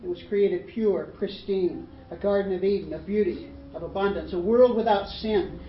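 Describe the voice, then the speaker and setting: A woman preaching a sermon with dramatic swings, acting out the voices of the people in the story and building to loud peaks. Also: medium pitch, moderate pace, slight background noise. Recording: roomy, distant, muffled hall recording.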